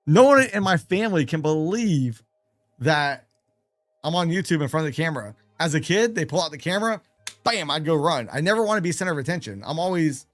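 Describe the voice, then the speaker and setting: A man's voice: on the high side, no room sound. A man telling stories casually on a live trading stream, chatty, laughing between anecdotes and repeating phrases for emphasis. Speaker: day trader and live streamer.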